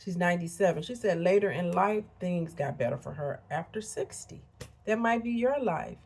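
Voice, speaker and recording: A woman's voice: fairly low pitch, normal speed, a little mellow, husky. A woman in her fifties from Illinois giving a candid, blunt motivational vlog talk with chatty asides to her viewers. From Illinois, USA. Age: 50s. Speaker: vlogger. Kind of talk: casual motivational monologue.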